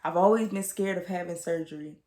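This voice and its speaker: A woman's voice: on the low side, fairly quick, dark tone, echoey room. A woman in her twenties telling a personal story to her viewers, candid and emotional, with lots of fillers and repeated words, tearing up at times. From United States. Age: 20s. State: tearful at times. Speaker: vlogger.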